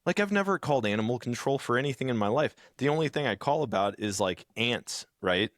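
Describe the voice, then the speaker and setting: A man co-hosting a podcast in casual chat, telling animated stories and acting out the people in them. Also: mid-range voice, fairly quick, dry recording, clean studio sound. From rural background. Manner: storytelling, animated when acting out others. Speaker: podcast co-host.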